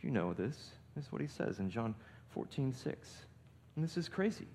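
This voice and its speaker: A man preaching a sermon, building to loud emphatic peaks and often restarting his words. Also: big pitch swings, moderate pace, slight background noise. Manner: emphatic preaching with swells in volume and pitch; frequent restarts and repeated words. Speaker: pastor.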